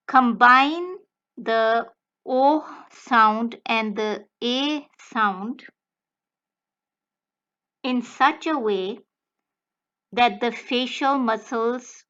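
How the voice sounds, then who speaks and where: A woman language tutor giving a slow, deliberate step-by-step explanation of pronunciation. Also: on the high side, sharp tone, muffled recording. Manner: slow, deliberate, breaks words into careful phrases.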